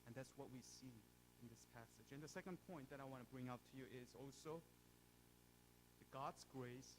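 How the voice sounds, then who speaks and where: Brief: male pastor, mid pitch, earnest sermon delivery over a steady audible hum. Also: moderate pace, low-quality recording. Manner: earnest preaching with restarts and rising emphasis.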